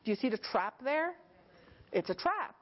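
A woman's voice: on the high side, sing-song, moderate pace, lo-fi sound. A woman teaching an informal sermon in a conversational way, often checking in with her listeners. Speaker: Bible teacher.

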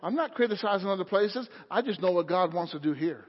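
A man with a very high, husky voice preaches with fervor, often calling out for an amen. His sermon rings with the long echo of a church hall. The audio sounds dull and lo-fi. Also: expressive, brisk. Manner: fervent preaching, calls for amen. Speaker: pastor. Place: church sanctuary.

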